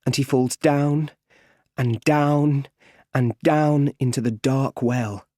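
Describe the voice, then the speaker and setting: A man narrating an audiobook in slow, plain storytelling. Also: mid-range voice, fairly even intonation, darkish tone, no echo, studio quality.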